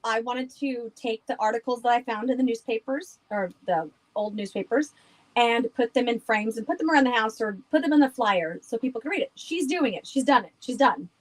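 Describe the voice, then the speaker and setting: Chatty woman, higher voice, rambling. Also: brisk, low-quality recording. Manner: chatty, rambling, laughs often. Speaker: guest, haunted house owner. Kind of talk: casual podcast chat.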